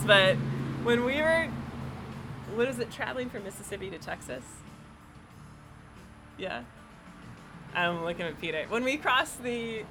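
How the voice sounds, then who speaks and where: A woman from New York telling a personal story as an interview guest, animated and full of "like" fillers. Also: mid-range voice. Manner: animated, filler-heavy with lots of "like". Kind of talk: casual storytelling.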